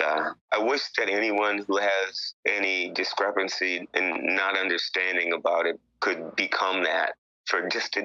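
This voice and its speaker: Older man from Chicago, rock musician guest: very deep, sharp-edged, blunt and candid, dull dry lo-fi audio. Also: no echo. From Chicago, USA. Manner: frank, blunt and loose, with casual swearing. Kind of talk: candid interview talk.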